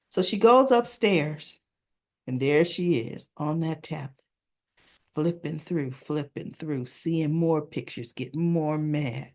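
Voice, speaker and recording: A chatty woman recaps a soap opera episode in loose, casual talk. She jumps into a higher voice whenever she acts out the characters' lines. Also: expressive, takes it slowly, darkish tone. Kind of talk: casual chat retelling an episode.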